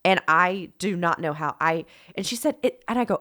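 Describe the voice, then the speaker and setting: A middle-aged woman co-hosting a podcast, telling stories in a casual, animated way and acting out the dialogue. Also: on the low side, fairly quick, few pauses. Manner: animated, acts out quoted dialogue. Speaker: podcast co-host. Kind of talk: casual storytelling chat.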